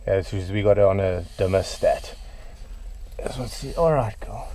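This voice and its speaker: Low, mellow-voiced man keeper. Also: moderate pace, slight background noise. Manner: relaxed, talks softly to the snake. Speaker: reptile keeper. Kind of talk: casual explanatory vlog. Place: indoors at a snake enclosure.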